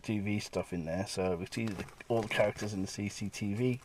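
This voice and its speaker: A man with a fairly low voice talks casually through the comic pages he has drawn. He rambles from panel to panel and slips into bits of the characters' dialogue as he goes. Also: fairly even intonation, brisk, a little mellow, slight background noise. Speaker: comic artist.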